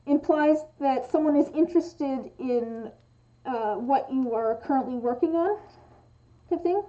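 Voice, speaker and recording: A woman's voice: sits high, expressive, moderate pace, mellow, lo-fi sound. A young woman from the western United States, rambling casually with many restarts while crafting on a livestream, often dropping the g in -ing endings. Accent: western American. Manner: rambling, thinks aloud with many restarts and fillers. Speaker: streamer making resin dice.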